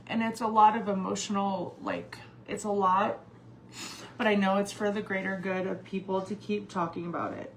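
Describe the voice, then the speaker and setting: A woman's voice: medium pitch, flat delivery, moderate pace, a little hiss or hum. A woman in her forties chatting on a livestream in a rambling way, with many fillers and restarts, teary at times. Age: 40s. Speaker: vlogger and mom. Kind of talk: casual livestream chat.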